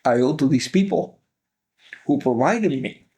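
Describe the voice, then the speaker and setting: Telling his life story as an interview guest, an older man from Cuba speaks earnestly in a Cuban Spanish accent, repeating key phrases for emphasis. His voice is dark and a little high, expressive and unhurried.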